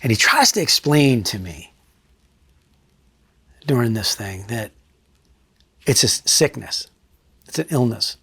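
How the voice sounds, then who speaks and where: Middle-aged ex-trooper guy, husky, blunt and sweary, goes low and quiet to hit a point, dry close sound. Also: expressive, a little slow, pauses often, no room sound. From New Jersey. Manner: blunt, profane, drops low and quiet for emphasis. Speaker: retired state trooper recounting a case. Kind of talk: candid interview storytelling.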